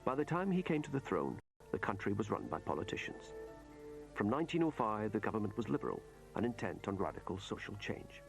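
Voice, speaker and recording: A man reading scripted documentary narration in a measured voice. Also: lowish voice, sing-song, creaky. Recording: narration over loud music.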